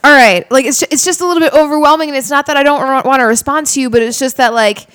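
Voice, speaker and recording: A woman with a fairly high voice hosts a relaxed podcast conversation. She rambles through her thoughts and fills her sentences with "like" and other fillers. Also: quick pace. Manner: rambling, filler-heavy, frequent "like". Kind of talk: casual chat.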